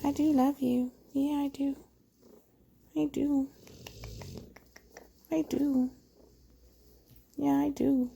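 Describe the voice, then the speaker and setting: A woman voicing her female house cat in a higher, soft cooing voice. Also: little pitch movement, extremely slow, vocal fry, pauses often, slight background noise, heavily acted. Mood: sweet apologetic. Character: sassy female house cat, contrite and cuddly.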